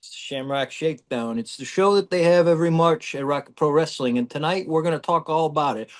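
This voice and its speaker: A man hosting a comedic podcast, loud and joking with his co-hosts. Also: a little high, brisk. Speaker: podcast host.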